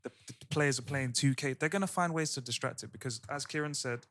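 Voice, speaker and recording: A man's voice: medium pitch, a little fast, a bit bright. A man co-hosting a podcast, making emphatic points in casual group discussion. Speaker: podcast co-host.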